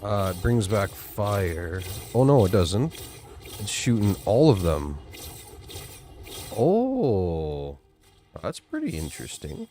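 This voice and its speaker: A man's voice: lowish voice, big pitch swings, takes it slowly, pauses often, mellow. A Canadian man hosting a gameplay video, chatting casually, explaining things and laughing often. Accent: Canadian English. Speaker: gaming channel host.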